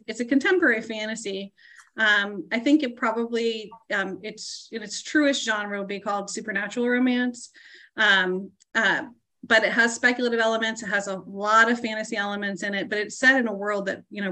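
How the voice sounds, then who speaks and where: Woman guest author, bright voice, thoughtful, hesitant pacing. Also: medium pitch, fairly even intonation, a little fast. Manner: thoughtful, hesitant with many fillers. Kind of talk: casual podcast interview.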